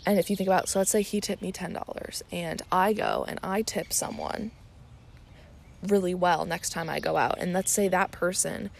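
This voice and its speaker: A woman's voice: lowish voice, fairly even intonation, normal speed, creaky, a little hiss or hum. A young woman hosting a casual solo podcast, chatty and rambling, with many fillers and restarts. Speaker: podcast host.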